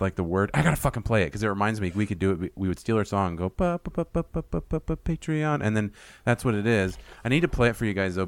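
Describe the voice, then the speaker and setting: A man's voice: lowish voice, no echo. A young man co-hosting a podcast, joking casually with some swearing. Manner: joking, profane, lively. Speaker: podcast co-host. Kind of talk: casual chat.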